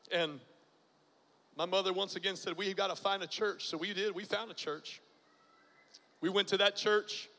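High bright-voiced preacher in a reverberant hall. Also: male voice. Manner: dramatic, swings from hushed to loud bursts. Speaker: guest preacher. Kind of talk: testimony sermon.

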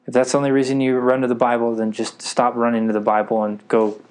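An eager man preaching a sermon to a gathered group. He keeps pausing to ask whether his listeners are with him. His voice sits at an ordinary male pitch. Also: monotone, darkish tone. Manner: eager, keeps checking in with the audience.

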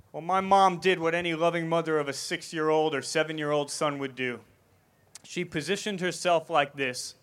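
A man's voice: a little high, fairly bright tone. A man giving an earnest festival talk on faith, telling a vivid personal story. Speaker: Christian speaker. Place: festival stage.

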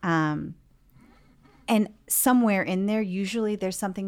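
A woman's voice: medium pitch, measured pace, pauses often. A woman music therapist in a podcast interview, explaining her work and acting out bits of session dialogue.

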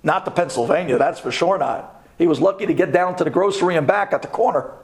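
A man who is a rabbi, telling a personal story to a class in a dramatic storyteller's manner, dropping to a hush at tense moments. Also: on the high side, fast talker. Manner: animated, dramatic storytelling with sudden drops to a hush.

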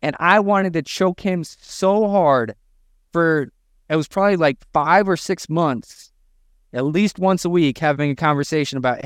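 A man's voice: a little high, unhurried, smooth, no room sound, clean studio sound. A man co-hosting a business podcast, talking emphatically and acting out quoted lines as he gives advice to gym owners. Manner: emphatic, preachy, acts out quotes. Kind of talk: energetic business podcast talk.

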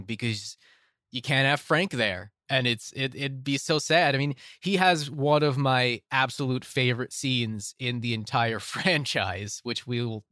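A man's voice: medium pitch, pushed and bright, dry recording, clean studio sound. A young man hosting a casual film podcast, talking with enthusiasm and often restarting his phrases. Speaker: podcast host.

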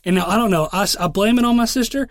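Speaking very fast in a high voice, a young man co-hosts a podcast and rambles through stories with plenty of swearing in a casual chat. The recording is studio quality with no echo.

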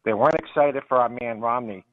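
A man with a Boston accent calling in to a radio show, making his case earnestly with halting restarts. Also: medium pitch, no echo. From New Hampshire. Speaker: caller. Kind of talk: call-in radio talk. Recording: dull phone-line call audio.

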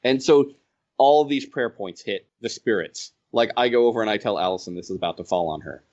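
A man telling stories from running his game in a casual podcast chat, animated and laughing as he goes. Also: lowish voice, a little fast. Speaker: game designer and organizer. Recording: slightly dull, lo-fi audio.

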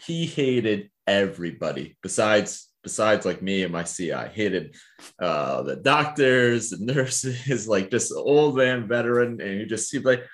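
A man's voice: on the low side, expressive, measured pace. A man, a physical therapist co-hosting a podcast, telling work stories in a rambling casual way with many fillers. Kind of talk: casual storytelling chat.

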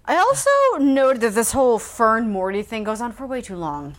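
A woman's voice: a little high, very animated, moderate pace. A woman co-hosting a casual podcast about a book, swearing freely and acting out the characters' lines. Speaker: podcast co-host. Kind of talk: casual book-club chat.

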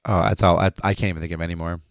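In a recording studio, a man co-hosts a casual beer-tasting podcast, cracking puns and laughing often. He talks rapid-fire in a low, creaky voice with fairly even intonation and no echo.

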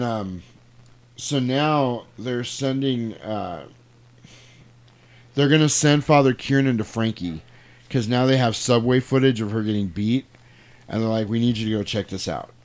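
A man's voice: medium pitch, measured pace, pauses often, darkish tone. A man co-hosting a podcast, loosely retelling a film plot in casual, profane chat. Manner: loose, profane storytelling with laughs. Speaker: podcast co-host recapping a film.

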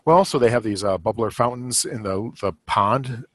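A man's voice: fairly low pitch, normal speed, dry recording. A middle-aged man hosting a podcast, chatting casually in a rambling way with lots of fillers and chuckles. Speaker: podcast host. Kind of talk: casual chat.

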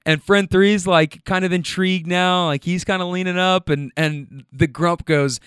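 A man's voice: on the high side, moderate pace, hardly any pauses, smooth, no room sound, clean studio sound. A man hosting a podcast, casually telling a story about his rideshare passengers, laughing often and acting out what they said. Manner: animated, laughs often, acts out other people's lines.

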